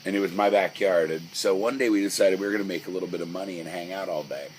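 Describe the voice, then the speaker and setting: A man's voice: deep voice, fast, darkish tone, rough recording. A young man chatting casually on a podcast, rambling through stories with lots of fillers and restarts. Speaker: podcast co-host. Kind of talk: casual chat. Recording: faint background noise.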